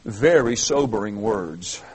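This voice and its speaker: On a low-quality recording, a fairly low-pitched man with a slightly mellow yet slightly rough voice preaches slowly and expressively. He reads the verses aloud and explains them earnestly in expository fashion, repeating phrases for emphasis and often restarting.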